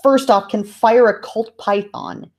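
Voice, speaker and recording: Exasperated woman co-host, mid pitch. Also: steady tone, unhurried, darkish tone. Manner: exasperated, profane. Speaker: podcast co-host. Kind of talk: casual chat.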